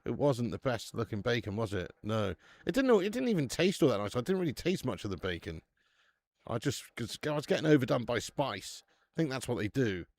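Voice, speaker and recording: A man's voice: mid-range voice, sing-song, brisk, a little mellow. A man hosting a casual football watch-along stream, chatting with the live chat and swearing casually.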